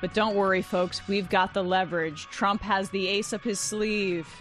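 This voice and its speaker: A woman's voice: medium pitch, steady tone, fairly bright tone, faint music behind. Wry woman hosting news commentary. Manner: wry and sarcastic, quick to laugh. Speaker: fill-in news show host.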